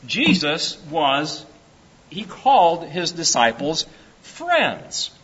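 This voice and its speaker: A man with a bright, husky, rather high voice leads a church service, talking slowly in a folksy, encouraging way. The recording is dull and lo-fi, with faint music underneath. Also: huge pitch swings. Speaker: song leader in a church service. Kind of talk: informal sermon and song introduction.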